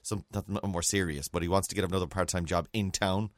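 A man from the west of Ireland with a Mayo accent, chatting casually as a podcast co-host and telling stories with quick exclamations and laughter. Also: sits low, dry recording, studio quality. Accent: Irish, Mayo. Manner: animated, laughing storyteller with exclamations. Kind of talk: casual chat.

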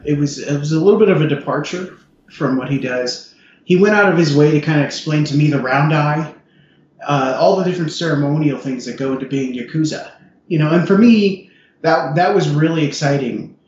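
A man's voice: fairly high pitch, normal speed, echoey room, lo-fi sound, a little hiss or hum. A man co-hosting a podcast, joking wryly in casual movie chat. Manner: wry, joking. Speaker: podcast co-host.

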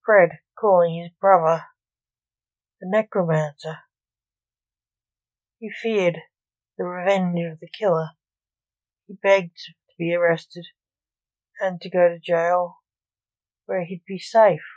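Slow, deliberate woman storyteller. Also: on the low side, fairly even intonation, a little mellow, dry recording, poor audio. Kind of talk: read-aloud short story.

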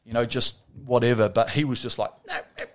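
A man's voice: mid-range voice, fairly even intonation, brisk. A man, a former Olympic rower talking as an interview guest, blunt and swearing freely as he tells stories. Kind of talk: casual interview chat.

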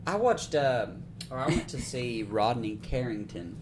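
Male co-host, casual and blunt, lively intonation, noisy recording. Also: mid-range voice, a little slow. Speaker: podcast co-host. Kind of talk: casual chat.

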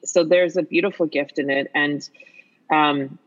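A woman in her fifties chatting as a podcast guest, an animated storyteller who swears freely. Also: low-pitched, unhurried, lo-fi sound. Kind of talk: casual chat.

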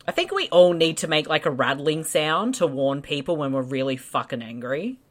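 A woman's voice: low-pitched, lively intonation, normal speed. A woman from South Australia with a South Australian accent, chatting bluntly and swearing freely while riffing on a movie. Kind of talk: casual movie riffing chat.

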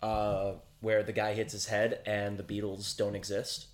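Low-voiced man telling stories as a podcast guest. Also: monotone, a little slow. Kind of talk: casual chat.

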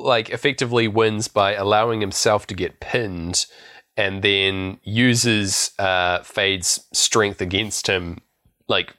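A man's voice: sits low, fairly bright tone. A man co-hosting a podcast, recapping a film in a rambling, storytelling way and laughing often. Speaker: podcast co-host. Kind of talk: casual film recap chat.

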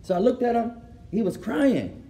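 A man's voice: very high-pitched, big pitch swings, moderate pace, warm tone. A man teaching an Islamic lesson to a class. He switches between English and Arabic, translating as he goes, repeats phrases for emphasis and laughs at his own stories.

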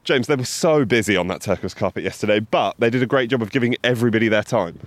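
A man's voice: on the low side, quick pace, no room sound. A man co-hosting a podcast outdoors by a river, playful and reeling off facts in casual chat. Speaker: podcast co-host.

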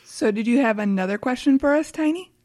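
A woman's voice: fairly high pitch, animated, a little fast, darkish tone. A woman joining a casual family chat as an aunt, with a dry, teasing sense of humor.

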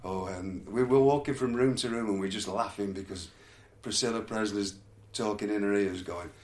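A man's voice: lowish voice, normal speed, darkish tone. A man telling a rambling, laughing story in casual chat. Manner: rambling, laughs through his stories. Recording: echoey room, faint background noise.

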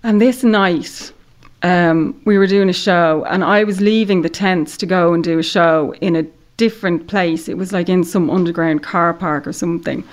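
A woman and former model, a guest on a podcast, telling a story in a relaxed, chatty way with lots of "like" and "you know". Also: on the low side, normal speed. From Ireland. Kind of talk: casual interview storytelling.

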